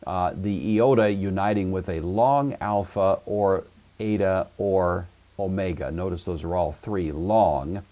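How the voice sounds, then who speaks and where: A man giving a recorded language-course lecture, explaining step by step in a measured way with frequent "uh" fillers. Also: deep voice, warm tone. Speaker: Greek teacher.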